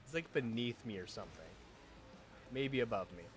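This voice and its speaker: A man streaming a game live, chatting affectionately and excitably with his viewers and reacting loudly to the action. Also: mid-range voice, moderate pace, music in the background. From Utah, US. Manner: excitable, affectionate, talks to chat. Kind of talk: casual gameplay livestream chat.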